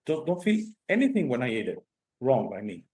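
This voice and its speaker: In a casual chat, a man with a medium-pitched voice and a slightly quick pace spins emphatic, animated stories. He's a host who grew up speaking Spanish, and he keeps ending sentences with "okay?".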